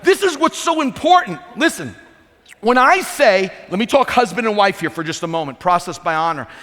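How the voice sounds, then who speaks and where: A middle-aged male pastor preaching a sermon with animated, self-deprecating humor and frequent restarts. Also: high voice, moderate pace. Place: large church sanctuary. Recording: reverberant church hall.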